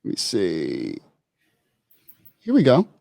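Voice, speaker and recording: A man's voice: deep voice, huge pitch swings, slow pace, gravelly, a little mellow, no echo, clean studio sound. A man hosting a podcast, reading out viewer comments in a laid-back, slangy way. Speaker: podcast host.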